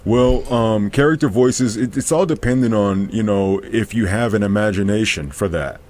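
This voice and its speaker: A man, a voice actor, chatting as a guest in an easygoing, unhurried way. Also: fairly low pitch, a little mellow. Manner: easygoing, drawn-out with fillers. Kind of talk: casual interview chat.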